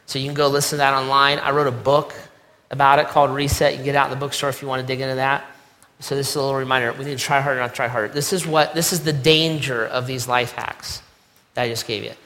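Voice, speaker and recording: Bright-voiced pastor preaching in a big hall. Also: male voice, mid-range voice, flat delivery, quick pace, slight background noise. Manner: conversational, acts out quoted voices, repeats key lines. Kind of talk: sermon.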